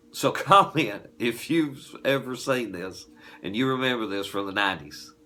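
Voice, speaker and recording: A man in his forties with a Southern US accent, telling a folksy, animated anecdote. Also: medium pitch, moderate pace. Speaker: distillery promoter. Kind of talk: casual anecdote.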